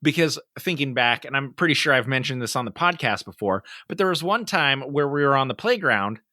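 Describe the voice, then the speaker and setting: Lively, bright-voiced man telling stories. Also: mid-range voice, brisk, no room sound, clean studio sound. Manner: animated, acts out quoted voices when telling stories. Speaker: podcast co-host. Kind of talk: casual storytelling chat.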